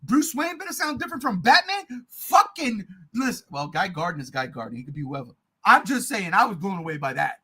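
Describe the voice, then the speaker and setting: A man co-hosting a podcast, chatting casually and excitedly about movies, swearing often and getting loud. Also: high-pitched, fairly quick, hardly any pauses, slightly rough. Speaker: podcast co-host.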